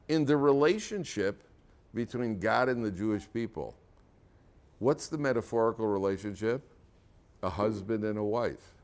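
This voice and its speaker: A man's voice: fairly low pitch, moderate pace. A man, a rabbi, giving a Torah lecture to students in a classroom, telling the story vividly and acting out the characters. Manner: lively storytelling, acts out characters.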